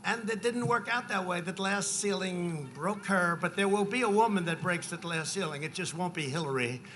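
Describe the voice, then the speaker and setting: A man's voice: sits high, moderate pace, a little hiss or hum. Man giving a rambling campaign rally speech. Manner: rambling and repetitive, often rising to shouts. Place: large outdoor rally.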